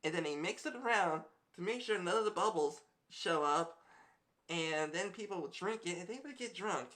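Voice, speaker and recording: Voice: medium pitch, animated, normal speed, pushed and bright. A streamer reacting to videos in casual, rambling commentary full of fillers.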